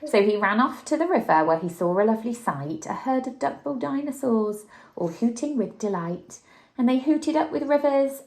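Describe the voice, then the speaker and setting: A woman teacher reads a picture book aloud at story time. Her voice sits at an ordinary middle pitch. She leaps up high for the dinosaurs' shouts and stops to chat with the child about the pictures. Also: gravelly. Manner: lively, acts out the dinosaurs' shouts and chats with the child.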